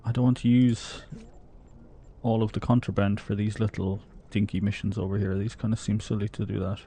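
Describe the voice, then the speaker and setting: His voice is on the low side, warm and husky, with a level tone and a fairly quick pace. The man, an Irish livestreamer from the Republic of Ireland, chats casually while gaming, reading viewers' comments aloud and often laughing.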